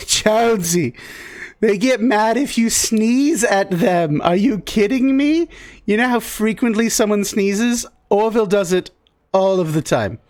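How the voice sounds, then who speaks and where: A man's voice: sits high, measured pace, a little mellow, no room sound, pitched above the performer's own voice. A man voicing a rambling, drunken tavern companion who trails off into tangents. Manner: rambling, slurred asides.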